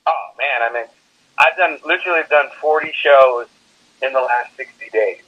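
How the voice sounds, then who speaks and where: A male comedian telling stories in an interview, energetic and animated, often laughing as he talks. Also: medium pitch, normal speed, lo-fi sound. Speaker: comedian guest. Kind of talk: animated storytelling.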